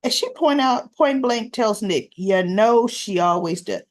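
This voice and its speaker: A woman's voice: fairly high pitch, expressive, measured pace. A woman hosting a casual recap vlog, retelling scenes as quoted back-and-forth dialogue with chatty asides to viewers. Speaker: soap opera recap host.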